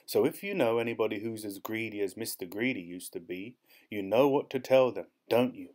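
A man reading a children's picture book aloud in an expressive, playful storyteller way. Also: on the low side, brisk.

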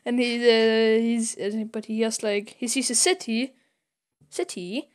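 A woman's voice: a little high, steady tone, a little slow. A woman co-hosting a podcast, casually retelling a comic story with lots of fillers and little acted-out voices. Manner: retells scenes, putting on voices with many fillers. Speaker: podcast co-host.

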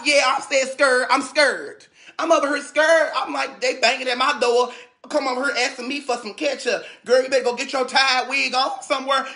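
A man from St. Louis, USA, rants dramatically on a livestream recorded on a phone, sassy and repetitive and often stumbling over his words. His voice is very high-pitched, pushed and bright, with vocal fry.

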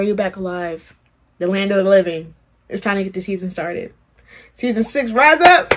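A young woman hosting a reaction channel, talking in a rambling, excitable way with plenty of swearing and fillers. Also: medium pitch. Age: young adult. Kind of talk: casual reaction commentary.

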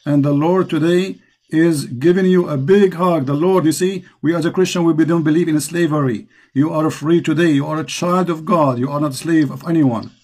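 Arabic accented guy preaching hard at a caller, kinda high voice, says stuff over and over. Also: steady tone, normal speed, darkish tone, slightly rough. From Middle East. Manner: impassioned, repetitive preaching. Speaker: host.

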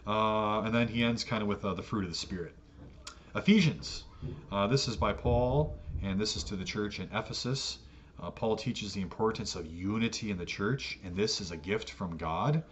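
An American man teaching an adult catechesis lesson on the Bible in a relaxed, conversational way, with fillers and self-corrections. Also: on the low side, moderate pace. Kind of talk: Bible study lecture. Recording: dull lo-fi audio with faint noise.

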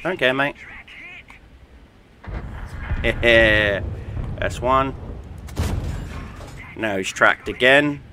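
A man's voice: mid-range voice, extremely slow, background noise. A young British man giving casual, joking gameplay commentary, with lots of ums and uhs. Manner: chatty, joking, many fillers. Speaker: gaming YouTuber.

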